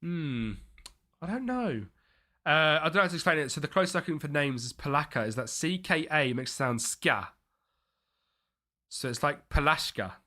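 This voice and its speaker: A young man streaming live, chatting and thinking aloud over a football management game, with excited bursts at chances. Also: on the high side, moderate pace. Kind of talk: live gameplay commentary.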